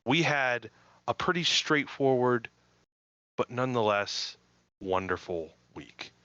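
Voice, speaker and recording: Brief: male podcast host, bright, tense edge, self-mocking banter, dull lo-fi sound. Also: medium pitch, animated, slow pace, no room sound. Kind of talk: casual chat.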